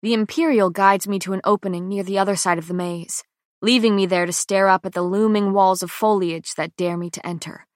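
A woman narrating a first-person audiobook with a tense, dramatic delivery that drops to hushed lines, recorded on a close mic in a booth. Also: medium pitch, steady tone, a little fast, no room sound.

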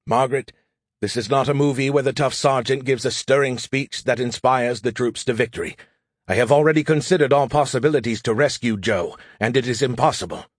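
Man doing a conceited snippy male AI, husky, close and dry. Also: medium pitch, brisk, dry recording, lightly acted. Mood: dismissive. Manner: haughty, whiny, self-pitying. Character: arrogant sarcastic male AI in a beer can.

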